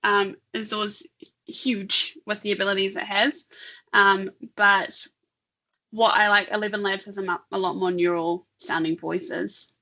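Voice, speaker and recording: A woman co-hosting an online talk, chatting casually and thinking aloud while demonstrating software, laughing often. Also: medium pitch, little pitch movement, a little slow, highs cut off. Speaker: webinar co-host. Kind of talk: casual live demo chat.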